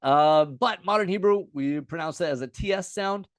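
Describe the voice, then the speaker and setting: A man's voice: a little high, normal speed, clean tone, dry recording. Man, casual whiteboard lesson, jokey, repeats sounds aloud, dry sound. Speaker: Bible teacher.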